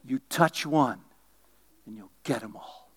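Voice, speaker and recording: Gruff, crotchety old pastor, blunt and in your face, as a preacher puts him on. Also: male voice, takes it slowly, no echo, studio quality. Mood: stern warning. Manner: in-your-face warning, low and hushed.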